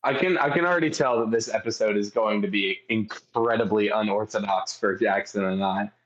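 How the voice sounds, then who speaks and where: A man co-hosting a podcast in casual chat, telling stories excitedly, laughing often and swearing freely. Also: lowish voice, a little fast, highs cut off. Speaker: podcast co-host.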